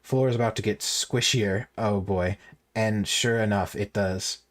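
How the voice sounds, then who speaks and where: A man streaming a game, reading its text aloud with bemused, deadpan asides. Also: on the low side, a little slow.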